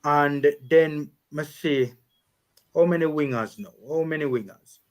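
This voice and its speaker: A Jamaican man hosting a casual sports chat, his speech full of lively Patois-laced banter. His voice sits a little higher than most men's. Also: a little slow. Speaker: sports vlog host.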